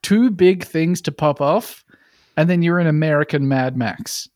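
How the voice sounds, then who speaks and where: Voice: mid-range voice, a little slow, a little mellow, no echo, clean studio sound. A podcast co-host, ranting and swearing through loose comedic banter on a live online show. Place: home studio, live online stream.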